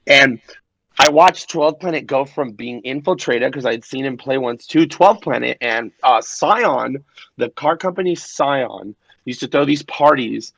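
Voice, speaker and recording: Gravelly-voiced man from Los Angeles. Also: medium pitch, expressive, unhurried, a bit bright, no echo, lo-fi sound. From Los Angeles, USA. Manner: rambling, lots of "like" and "you know". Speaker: podcast guest. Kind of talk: casual interview chat.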